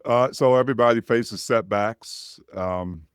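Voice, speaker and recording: A man's voice: mid-range voice, unhurried, clear, resonant tone, dry recording, clean studio sound. A man hosting a podcast, asking questions in an easygoing way. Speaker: podcast host. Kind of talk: interview questions.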